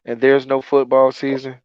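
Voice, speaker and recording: A man with a smooth, clear voice co-hosting a casual sports chat in a calm, measured way. His mic sounds dry and a bit muffled, as if recorded close in a dead room. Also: mid-range voice, no echo.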